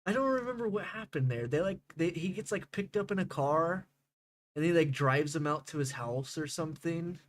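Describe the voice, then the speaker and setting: A man's voice: a little high, lively intonation, moderate pace. A young man streaming a game, chatting casually with viewers, rambling and laughing, swearing freely.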